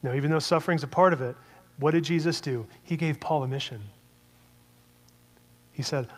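A male preacher gives a sermon in a relaxed, conversational manner. He keeps asking his listeners rhetorical questions, and his voice sits a little high for a man. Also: moderate pace, pauses often, long reverb tail, a little hiss or hum.

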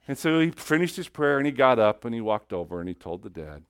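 Animated preacher man telling a story. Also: medium pitch, fast talker, hardly any pauses, no echo. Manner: animated, swings between hushed and loud. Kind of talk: sermon storytelling.

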